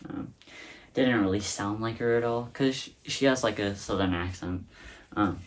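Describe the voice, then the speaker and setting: A man's voice: fairly low pitch, moderate pace, far from the mic. A man hosting a casual reaction video, rambling and hesitant with many fillers and restarts, recorded on a phone. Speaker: host reacting to a song.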